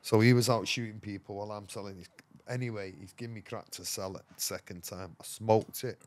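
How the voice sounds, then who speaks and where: This English podcast guest talks fairly quickly in a fairly low voice with fairly even intonation. He tells a rambling story in slangy, casual speech, swearing often and saying things like "you know what I mean."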